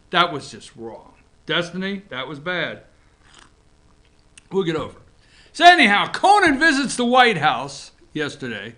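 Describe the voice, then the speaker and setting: Male morning show host, bright high voice, joking around with his crew. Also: very animated, measured pace, pauses often. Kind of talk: casual talk-show commentary. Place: office.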